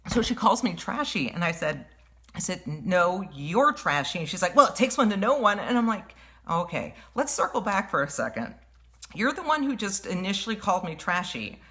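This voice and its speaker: Woman, slightly low voice, casual vlogger retelling a confrontation with lots of filler words and restarts. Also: moderate pace. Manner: rambling, animated retelling with many fillers and restarts; says she has a wicked tongue. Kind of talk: casual storytelling.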